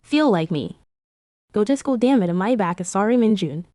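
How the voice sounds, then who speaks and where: Woman narrator, comic recap voice-over, even delivery, dry close sound. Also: mid-range voice, normal speed, no room sound.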